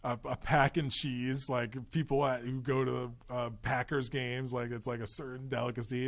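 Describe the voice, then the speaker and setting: A man's voice: mid-range voice, level tone, moderate pace, few pauses. Rambling, joking male podcast host. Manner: loose, profane, joking asides. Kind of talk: casual rambling monologue.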